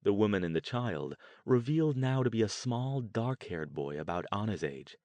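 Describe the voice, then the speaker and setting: A man narrating a novel in a measured, steady storytelling way. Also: deep voice, dry recording. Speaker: audiobook narrator. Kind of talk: scripted narration.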